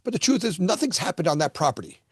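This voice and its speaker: Animated middle-aged man telling a story. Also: high voice, quick pace, breathy edge, dry recording, studio quality. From Florida. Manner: animated, repeats words often when starting sentences. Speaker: guest, construction company founder. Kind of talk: casual storytelling in conversation.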